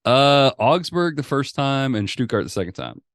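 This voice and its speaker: A man's voice: medium pitch, moderate pace, no room sound, studio quality. A middle-aged man, a stand-up comedian, telling stories as a guest in a casual, profane interview chat. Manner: profane, animated storyteller.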